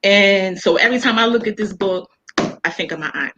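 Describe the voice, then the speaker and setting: A woman's voice: mid-range voice, a little fast, lo-fi sound, heavy background noise. A woman author talking casually as an interview guest, telling emotional personal stories with many fillers and restarts.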